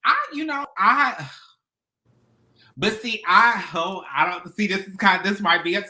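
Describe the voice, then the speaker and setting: A co-host on a casual chat show, this woman tells stories with animation and frequent laughter. Her voice is medium-pitched and unhurried.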